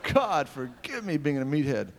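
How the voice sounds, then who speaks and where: Animated male revival preacher. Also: a little high, normal speed. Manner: animated, storytelling, swings from loud to hushed. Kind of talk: revival sermon with personal stories.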